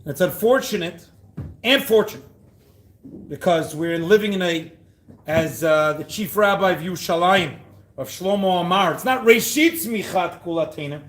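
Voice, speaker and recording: A man teaching a Torah class at a yeshiva, asking the listeners questions, chanting Hebrew verses slowly and rising to shouts on key points. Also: high voice, expressive, reverberant.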